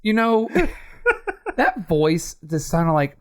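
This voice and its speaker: Male co-host, loose rambling chatter, medium-low voice. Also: huge pitch swings, extremely slow, smooth. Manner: rambling, lots of "like", laughs mid-sentence. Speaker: podcast co-host. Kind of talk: casual chat.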